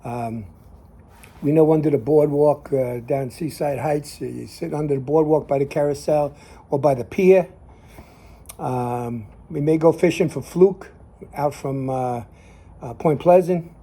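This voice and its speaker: A man's voice: fairly high pitch, a little slow, dark tone, slightly rough. An older man from New Jersey with a Jersey accent, talking in a casual, rambling monologue full of fillers. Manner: rambling, repeats himself, trails off in fillers. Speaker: host.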